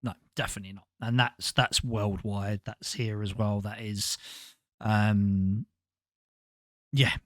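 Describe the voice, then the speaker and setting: A man's voice: on the low side, steady tone, slow pace, no echo. A man hosting a podcast, talking in an earnest, rambling way, often stumbling and restarting his sentences. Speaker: podcast host. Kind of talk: casual conversation.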